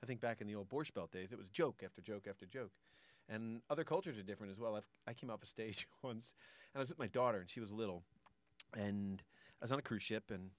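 A man's voice: fairly low pitch, fast, no room sound. A middle-aged man, a comedian guest, telling a story in casual podcast chat and acting out the people he quotes. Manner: animated storyteller, acts out quoted voices.

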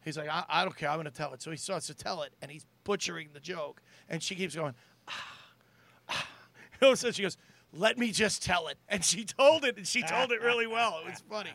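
A middle-aged comedian with a gravelly edge and a bright, forceful tone, telling a joke in casual chat. He drops lower to act out the characters' lines. His voice sits a little high for a man. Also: fast, no room sound. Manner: storytelling, acts out quotes in a lowered voice.

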